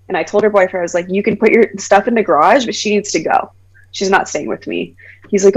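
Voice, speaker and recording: A woman in her thirties, appearing as a podcast guest, tells a personal story conversationally in a mid-range voice at normal speed. She's animated, acts out the voices of the people she quotes, and uses "like" a lot. The recording is rough.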